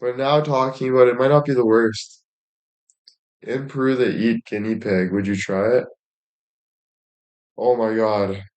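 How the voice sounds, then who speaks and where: A man's voice: medium pitch, fairly even intonation, measured pace, long pauses, a little mellow. A man chatting casually as a streamer, rambling along with heavy swearing and plenty of filler words. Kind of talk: casual chat.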